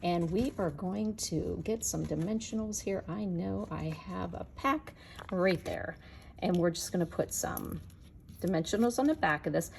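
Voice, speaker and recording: With slight background noise behind her, a woman demonstrates card making in a casual tutorial. Her fairly low voice is gravelly and darkish, and she chats to viewers as she works.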